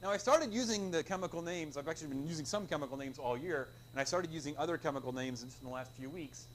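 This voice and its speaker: A man's voice: on the high side, fast, slight background noise. A middle-aged man teaching chemistry to a class, joking and quizzing the students in a classroom. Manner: lively, joking, quizzes the class with call-and-response. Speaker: high school chemistry teacher. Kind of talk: classroom lecture.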